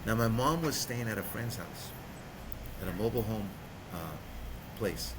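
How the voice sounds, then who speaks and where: A man earnestly telling his personal story of recovery in a conversation, going quiet at the heavy parts. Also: expressive, unhurried. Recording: vehicle rumble behind.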